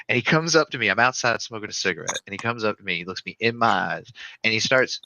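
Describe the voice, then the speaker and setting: Man, loose, swearing, bright, dry close sound. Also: lowish voice, quick pace, dry recording, poor audio. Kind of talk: casual storytelling.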